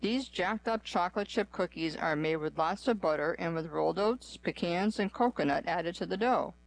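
A woman reading a magazine article aloud in an even, clear voice for a radio program. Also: fairly low pitch, normal speed, poor audio. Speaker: radio reader.

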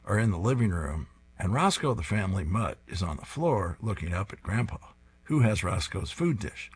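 A man reads comic strips aloud and describes each panel with amusement. His voice sits low and sounds husky. His intonation rises and falls freely. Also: sing-song, moderate pace.

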